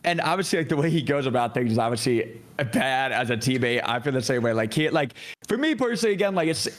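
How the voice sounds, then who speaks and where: A man's voice: mid-range voice, lively intonation, fast talker. A man in a casual gaming podcast chat, hesitant and full of restarts. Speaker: podcast guest.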